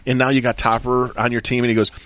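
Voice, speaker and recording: Quick, bright male host; chatty storyteller, loose and joking. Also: mid-range voice, level tone. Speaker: podcast host. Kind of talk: casual chat.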